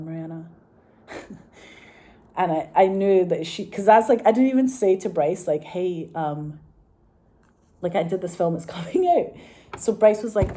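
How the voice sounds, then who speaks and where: A middle-aged woman from Scotland with a Glaswegian accent talks to camera in a loose, rambling way. Her voice sits fairly low with a warm, mellow tone. She swears freely and laughs often as she chats about her work as a director. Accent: Glaswegian Scottish. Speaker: film director. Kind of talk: casual chat to camera.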